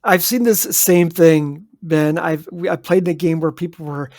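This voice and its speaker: A man's voice: a little high, fairly even intonation, normal speed, a little mellow, no echo, clean studio sound. A man co-hosting a podcast, giving emphatic, jokey advice to listeners. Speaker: podcast co-host. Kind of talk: casual chat.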